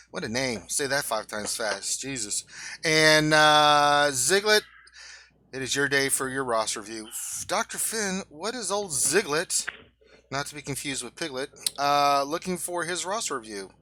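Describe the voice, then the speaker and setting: Animated joking male livestream host. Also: medium pitch, moderate pace. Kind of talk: casual livestream chat.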